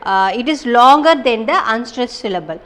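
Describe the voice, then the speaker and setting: A woman's voice: a little high, lively intonation, moderate pace, fairly bright tone. A woman teacher who reads from a textbook and then explains it in her own words, often saying "okay" and "what is that.". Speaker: English teacher. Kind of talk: recorded online class lesson.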